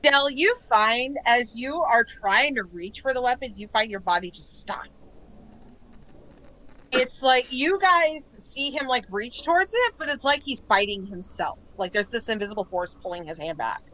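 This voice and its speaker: A woman narrating a tabletop role-playing game as game master, relaxed and hesitant with frequent ums. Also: a little high, moderate pace, low-quality recording.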